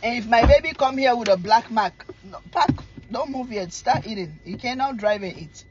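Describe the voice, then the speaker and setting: A middle-aged woman, chatting casually to camera as a cooking vlogger, telling stories in a teasing, animated way and laughing often. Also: on the high side, normal speed, highs cut off, heavy background noise.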